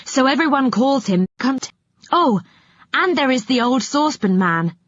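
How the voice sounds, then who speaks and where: A woman's voice: high-pitched, expressive, measured pace, dry recording, pitched above the performer's own voice. A woman voicing a chatty, cheerful young girl in a storybook reading. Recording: dull lo-fi audiobook recording.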